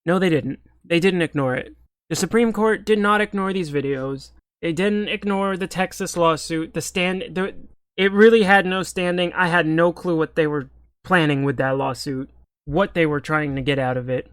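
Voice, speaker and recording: A man's voice: on the high side, moderate pace, fairly bright tone, clean tone, dry recording. A man ranting in political commentary, exasperated, sarcastic and profane.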